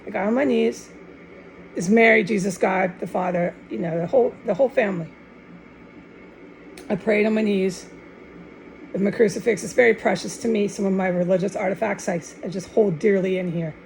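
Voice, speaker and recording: A woman's voice: mid-range voice, steady tone, moderate pace, vocal fry, long pauses, low-quality recording. A woman giving a fervent, rambling religious monologue to camera, often restarting and dropping in Spanish words. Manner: fervent and insistent. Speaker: online video maker.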